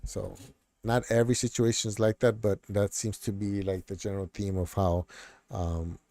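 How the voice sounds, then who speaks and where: A middle-aged man on a casual stream, speaking in a somewhat low, warm, mellow tone. He rambles, circling back with fillers and restarts. The sound is close and dry, with no room around it. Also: flat delivery, normal speed, dry recording. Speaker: streamer host. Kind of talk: casual chat.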